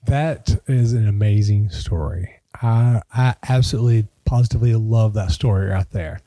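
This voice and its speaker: Effusive host, dark voice. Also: male voice, fairly low pitch, normal speed, dry recording. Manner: effusive, laughs often. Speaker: podcast host. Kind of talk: casual chat.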